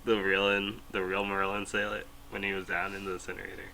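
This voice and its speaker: A man's voice: low voice, completely flat delivery, fairly quick, gravelly, pushed and bright, rough recording. A man co-hosting a podcast, laid-back, giving short replies. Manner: laid-back, brief answers, laughs often. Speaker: podcast co-host. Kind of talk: casual chat.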